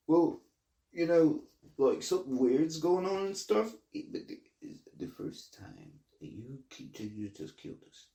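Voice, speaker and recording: A man's voice: on the high side, sing-song, unhurried, dark tone, echoey room. A man speaking hesitantly with many fillers in an amateur comedy sketch.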